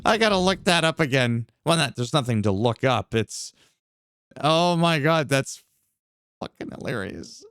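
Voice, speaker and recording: Lively, laughing man commentating a game. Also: medium pitch, a little slow, clean tone, no echo, clean studio sound. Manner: laughs a lot, swears casually, animated reactions. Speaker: gameplay commentator. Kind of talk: casual gameplay commentary.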